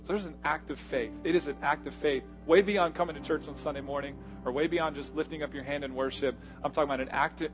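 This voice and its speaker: A man preaches with a slightly raised pitch, driving hard on key lines before pulling back into soft, intimate asides. Faint music sits underneath his sermon. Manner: emphatic preaching, swinging from loud punches to hushed asides. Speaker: pastor.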